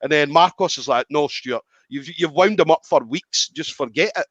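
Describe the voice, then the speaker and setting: Male podcast host, lively storyteller, acts out quotes, dry and slightly dull audio. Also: fairly high pitch, moderate pace, no echo. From Scotland. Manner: animated, acts out quoted lines, swears freely. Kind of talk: casual storytelling chat.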